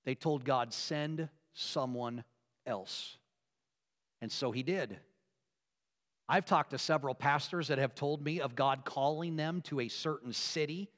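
A man preaching a sermon as a pastor, earnest, moving between emphatic, rising passages and quiet, hushed ones. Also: on the high side. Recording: long reverb of a large hall.

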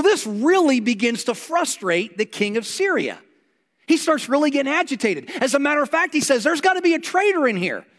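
A man preaching a sermon as a pastor, telling a Bible story with animated delivery and acting out the lines of its characters. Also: high-pitched. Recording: long reverb of a large hall.

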